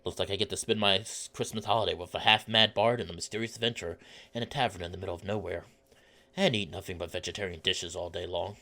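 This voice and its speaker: A man voicing a sarcastic male private investigator who narrates in a low, wry, deadpan way in a game playthrough. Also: fast talker, gravelly, heavily acted.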